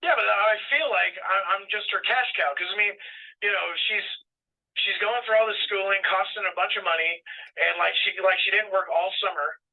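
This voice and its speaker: Brief: male caller, high voice, hesitant and filler-heavy, thin phone line at a distance. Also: fairly even intonation, gravelly. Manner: halting, full of fillers. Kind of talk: phone call. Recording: tinny phone line from afar.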